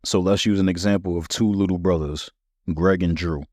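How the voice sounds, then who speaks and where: Man, podcast host, low voice, conversational, emphatic, dry close mic. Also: fairly even intonation, moderate pace, darkish tone, no room sound. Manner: conversational, emphatic, addresses listeners directly. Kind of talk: solo podcast monologue.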